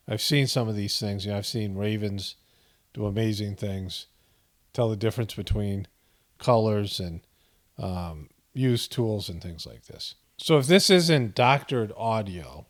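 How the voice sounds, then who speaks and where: Rambling, chuckling male commentary host. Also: fairly low pitch. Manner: rambling, chuckling, many fillers. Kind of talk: casual video commentary.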